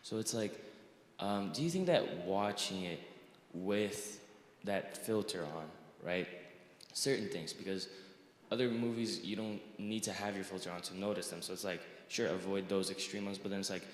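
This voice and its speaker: A man's voice: low voice, normal speed, reverberant, in a large hall. A man, a student, asking a rambling and hesitant question full of fillers.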